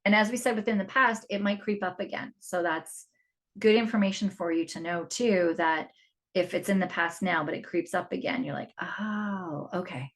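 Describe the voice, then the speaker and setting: A middle-aged woman talks through her own parenting podcast in a chatty, confiding way. Her voice sits a little low for a woman. She often breaks off and restarts her sentences. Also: fairly even intonation, normal speed. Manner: chatty, warm-hearted and confiding, with frequent restarts. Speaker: podcast host and parent coach. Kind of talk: solo podcast talk.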